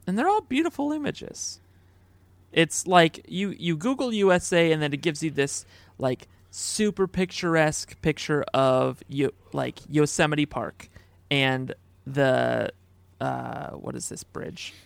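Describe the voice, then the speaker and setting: Podcast co-host, rambling and chatty, gravelly voice, dry close sound. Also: medium pitch, unhurried, no room sound. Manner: chatty, rambling, many "like" fillers. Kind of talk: casual podcast chat.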